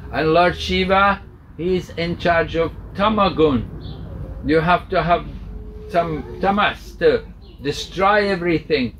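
A swami, a spiritual teacher, tells a sacred story at a home gathering, delivering this storytelling sermon patiently and repetitively. His voice is fairly high-pitched, and the low-quality recording has a little hiss or hum.

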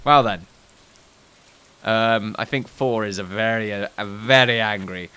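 A man's voice: on the low side, unhurried, pushed and bright, clear, resonant tone. A man hosting a let's play, giving casual gameplay commentary with rambling, jokey asides and reading game text aloud.

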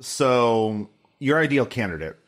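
A man's voice: mid-range voice, sing-song, slow. A man acting as game master, chatting casually with his players and thinking aloud with frequent restarts. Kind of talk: running a tabletop game, casual chat.

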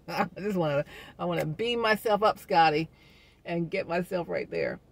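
A woman's voice: on the low side, lively intonation, unhurried, gravelly. A woman hosting a wellness show, talking through her thoughts in a casual, soul-searching monologue and coming back to the same questions again and again. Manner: gentle, faith-minded encouragement. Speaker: host of a wellness community show.

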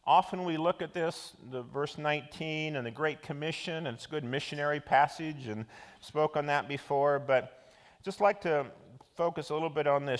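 A man's voice: fairly high pitch, animated, normal speed. Middle-aged guy preaching, chatty and loose, lots of ums, echoey church hall. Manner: conversational, with many fillers and restarts. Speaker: pastor. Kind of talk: sermon. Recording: long church hall reverb.

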